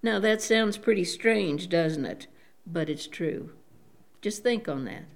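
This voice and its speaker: An elderly woman giving a devout sermon, unhurried, often saying praise the Lord and pausing with fillers. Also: on the low side, lively intonation, gravelly. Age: older. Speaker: preacher.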